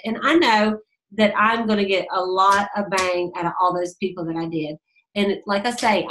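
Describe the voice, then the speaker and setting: A woman's voice: a little high, fairly bright tone, rough recording. Chatty woman telling sales stories. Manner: chatty storytelling, acts out dialogue, laughs often. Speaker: beauty sales director. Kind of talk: casual advice monologue.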